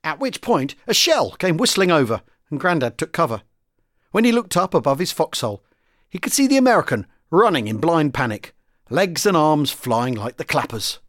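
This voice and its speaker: A man hosting a podcast, reading a listener's story and sign-off in a lively, expressive way. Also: on the high side, moderate pace, no echo, studio quality. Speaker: podcast host.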